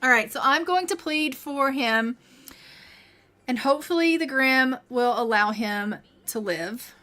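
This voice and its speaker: A gaming streamer with a high-pitched, bright, forceful voice talks a little slowly as she plays. She chats casually with viewers, comments on the game, reads its text aloud, and sometimes voices the characters.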